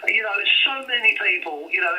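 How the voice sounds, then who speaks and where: A man in his fifties phoning in to a radio show as a former pupil, grateful, emotional and halting. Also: high-pitched, animated, bright, forceful tone. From London. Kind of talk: phone-in call. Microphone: telephone. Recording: dull distant phone line.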